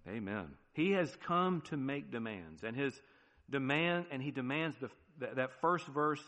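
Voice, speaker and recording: A man with an American accent, a pastor preaching a sermon with emphatic swings between loud declarations and hushed low phrases, often asking "right?". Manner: asks the congregation "right?" often. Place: church sanctuary. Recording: long church reverb.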